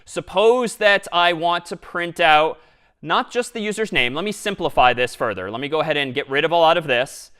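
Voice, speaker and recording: A man lectures on programming to a class, talking through each line of code he types. His voice sits fairly high, and he keeps an engaged, lively manner throughout. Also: moderate pace, clear, resonant tone. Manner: explains step by step, lively and engaged. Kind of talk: university lecture with live coding.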